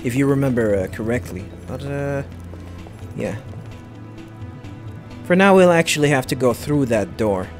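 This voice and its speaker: A man's voice: mid-range voice, expressive, a little slow, long pauses, faint music behind. A man casually commenting on a game he plays, hesitant, with many fillers and restarts. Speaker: let's play host.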